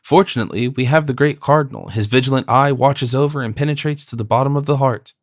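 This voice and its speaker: A man voicing a cowardly, greedy fifty-year-old mercer in an audiobook, puffed up with pride and quick to panic. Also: medium pitch, no room sound, clean studio sound, natural voice. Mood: pompous. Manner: pompous, then nervous. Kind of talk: audiobook character voice.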